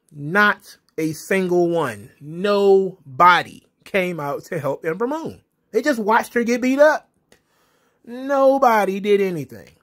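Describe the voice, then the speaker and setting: A young man with a slightly high voice rants through a casual recap of a wrestling show. He sounds exasperated and keeps hammering his points home by repeating them. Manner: exasperated, ranting, repetitive emphasis.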